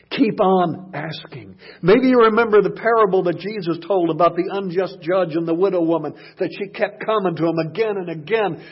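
A man preaching a sermon, dropping to hushed murmurs and rising to loud shouted passages. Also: fairly high pitch, husky, muffled recording.

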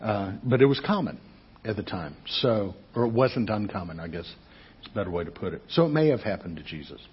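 A man with a very husky, raspy voice preaches a sermon, his pitch swinging widely as he asks his listeners question after question. The recording sounds dull and lo-fi. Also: brisk. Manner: animated, conversational preaching with rhetorical questions. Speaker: pastor.

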